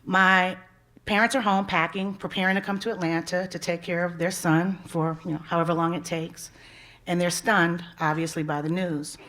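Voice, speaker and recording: Woman in her 40s telling a family story live, kinda low voice, lots of "you know". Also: little pitch movement, normal speed, a bit bright. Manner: conversational, quoting family members, frequent "you know" and laughs. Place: museum event stage.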